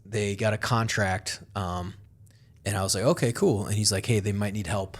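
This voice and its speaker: A man's voice: lowish voice, moderate pace. A man hosting a podcast, chatting casually and animatedly, swearing often and acting out quotes. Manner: animated, swearing, quoting others in lively voices. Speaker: podcast host. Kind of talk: casual chat.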